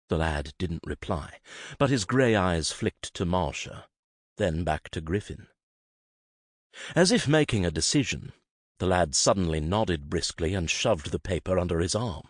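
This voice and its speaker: A man reading a romance novel aloud as audiobook narrator, expressive and shifting into character voices. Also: sits low, a little slow, no room sound, studio quality.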